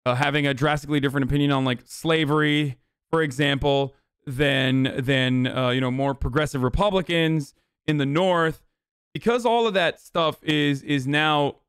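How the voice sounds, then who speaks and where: A male livestream commentator rants fast and angrily about politics, swearing constantly and sneering at his chat. His voice is smooth and clear, pitched slightly high for a man, and the sound is close and dry. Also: fairly bright tone, no room sound. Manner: profane, heated, rapid ranting; mocks chat in a sarcastic high voice.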